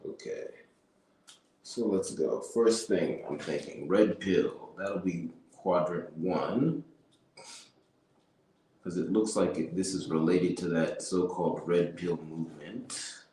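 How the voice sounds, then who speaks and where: Low-voiced man rambling in an echoey room. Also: slow, warm tone. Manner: rambling, hums and chants nonsense syllables. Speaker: streamer. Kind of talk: thinking aloud while taking notes. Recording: very echoey room, mic far off, faint noise.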